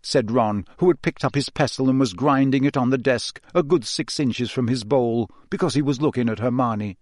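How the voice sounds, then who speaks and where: A man reads a storybook aloud in a steady, expressive way. His voice sits in the middle range for a man. The recording is dry and close to the mic. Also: medium pitch, moderate pace, hardly any pauses, dry recording. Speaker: audiobook narrator. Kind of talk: scripted storybook narration.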